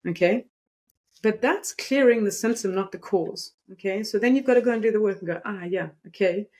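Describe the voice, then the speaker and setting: A woman's voice: medium pitch, brisk, a little mellow, low-quality recording. A woman energy coach explaining breathing and compassion techniques in a guided, instructive way. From South Africa. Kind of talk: teaching interview talk.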